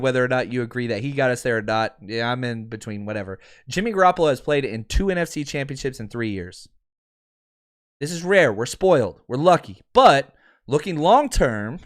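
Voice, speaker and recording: A man hosting a sports podcast, ranting with big swings between outbursts and laughing asides. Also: mid-range voice. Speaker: podcast host. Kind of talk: fired-up sports podcast rant. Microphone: streaming podcast mic.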